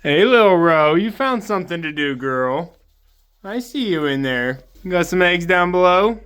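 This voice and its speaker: A man's voice: high-pitched, lively intonation, normal speed, clean tone, no room sound. A man on a homestead talking casually and soothingly to his chickens and dog in the coop on a winter day. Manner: gentle, coaxing, soothing talk to animals. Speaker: homesteader vlogger.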